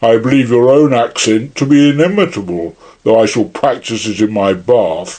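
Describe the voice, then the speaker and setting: A man's voice: mid-range voice, normal speed, a little mellow, close to an everyday voice. A man voicing a huge male anarchist chief who is genial yet menacing, speaking in a grand, mock-friendly way. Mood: grandly menacing.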